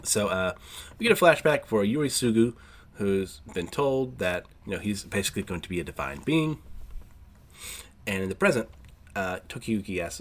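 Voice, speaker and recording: A man giving a casual chapter recap, rambling with fillers and frequent throat clearing. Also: lowish voice, big pitch swings, normal speed. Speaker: manga reviewer.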